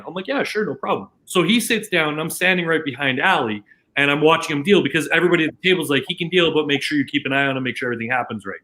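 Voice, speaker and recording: A man's voice: mid-range voice, pushed and bright, rough recording. A man from Canada who works as a casino dealer, telling a long anecdote in casual chat, full of restarts and quoted dialogue. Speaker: casino dealer, podcast guest.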